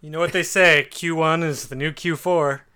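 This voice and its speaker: A man's voice: on the high side, steady tone, normal speed, bright, forceful tone, smooth. A man co-hosting a podcast, joking around and stammering over his first words in casual chat. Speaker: podcast co-host.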